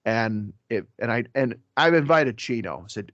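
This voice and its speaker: Mid-pitched male priest, rambling anecdotes with quick self-corrections, on a dull mic. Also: animated, fairly bright tone, no echo. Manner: chatty, storytelling with asides and self-corrections. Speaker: priest telling of a trip. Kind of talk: casual podcast chat. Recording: dry, slightly dull podcast audio.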